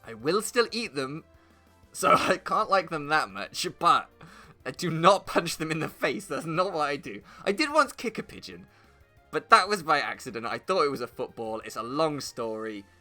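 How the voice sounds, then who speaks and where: A man's voice: fairly high pitch, expressive, normal speed, bright, forceful tone, faint music behind. A man in his late twenties telling a rambling, profane comic anecdote while he plays a video game. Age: late 20s. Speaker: let's play host. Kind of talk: casual storytelling over gameplay.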